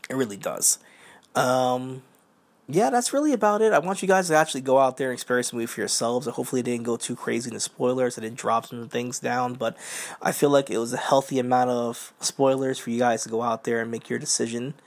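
A man's voice: medium pitch, brisk. A man hosting a podcast, giving a rambling, casual spoken movie review full of fillers. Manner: rambling, with many fillers and repeated "as well, too". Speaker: podcast host reviewing films.

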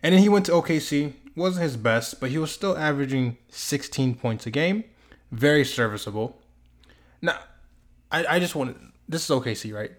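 A man's voice: fairly high pitch, lively intonation, normal speed. A young man hosting his own sports talk show, ranting passionately and drawing words out for emphasis. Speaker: host. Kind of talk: emphatic sports commentary vlog.

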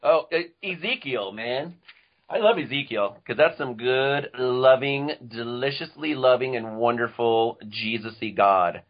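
A man's voice: mid-range voice, measured pace, dull audio. A man as a guest in a casual podcast chat, dry and sarcastic, who laughs often.

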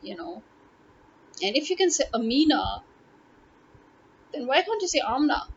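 Talking to camera in a casual opinion monologue, this Pakistani vlogger speaks with a Pakistani English accent, sounding exasperated as she fires rhetorical questions. She has a high voice, very animated and a little fast, recorded in dull lo-fi audio with faint noise.

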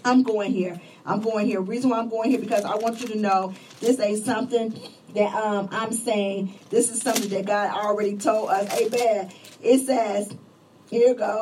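A woman's voice: medium pitch, steady tone, moderate pace, darkish tone, distant mic, slight background noise, rough recording. A woman preacher delivering a fervent, repetitive sermon, exhorting listeners with restarts and rising emphasis. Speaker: lay preacher, host of a ministry show.

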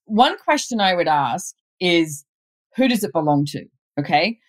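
A woman's voice: on the low side, big pitch swings, measured pace. A middle-aged woman, a relationship expert guest, talking candidly in casual conversation and telling personal stories. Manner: candid, storytelling, laughs easily.

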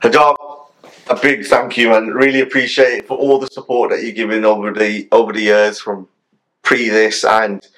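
A man's voice: on the low side, flat delivery, normal speed, fairly bright tone, rough recording. A man hosting a podcast, thanking his guest and backing him up with short agreeing replies. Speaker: podcast host. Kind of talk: casual podcast chat.

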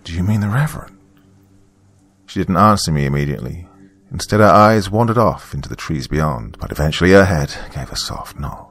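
A man narrating a first-person story in an expressive, measured reading. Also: extremely low pitch.

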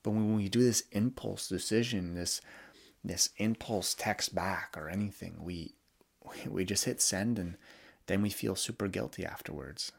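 This young podcast host, alone at the mic, gets candid and reflective about his emotions, with many restarts. His low voice has a creaky, breathy edge, and he keeps a measured pace.

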